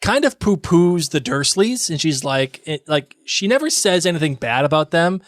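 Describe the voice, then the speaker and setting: A man co-hosting a podcast in casual chat, playful and full of quick agreeing asides. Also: a little high, very animated, dry recording, studio quality. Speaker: podcast co-host.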